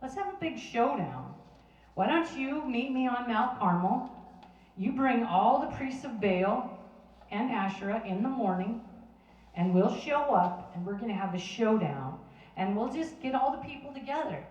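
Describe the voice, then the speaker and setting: A woman's voice: on the high side, very animated, measured pace, darkish tone, dull audio, voice pushed up. Brash male prophet taunting rivals, as a woman puts him on in a sermon, roomy distant sound. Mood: challenging. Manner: brash, challenging, teasing.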